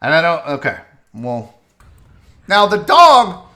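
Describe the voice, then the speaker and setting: Animated high-voiced man, profane talk host. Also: takes it slowly. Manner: animated, profane, laughs a lot. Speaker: sports radio host. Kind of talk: comedic commentary on a video.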